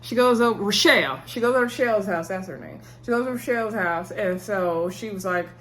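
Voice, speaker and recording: A woman's voice: quick pace, slight background noise. Chatty woman recapping a TV episode. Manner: chatty, laughs often, lots of fillers; animated, high-pitched exclamations. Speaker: TV episode reviewer. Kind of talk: casual recap vlog. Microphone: talking to camera.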